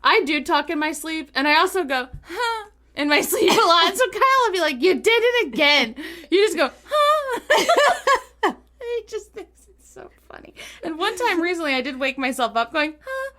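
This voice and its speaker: A woman co-hosting a podcast, telling a true-crime ghost story in a giggly, animated, chatty way. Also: high-pitched, normal speed. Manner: giggly, animated, lots of laughter. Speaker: podcast co-host. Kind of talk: casual chat, storytelling.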